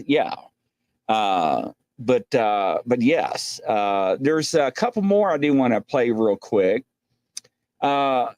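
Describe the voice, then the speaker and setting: A man's voice: medium pitch, darkish tone, dry recording. A man hosting a casual show, rambling with many fillers as he looks for clips. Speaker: host.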